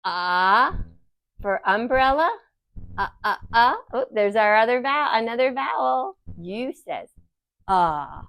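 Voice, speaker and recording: A woman teaching young children phonics, sounding out letters slowly in an encouraging, sing-song way. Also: on the high side, lively intonation, fairly bright tone, smooth.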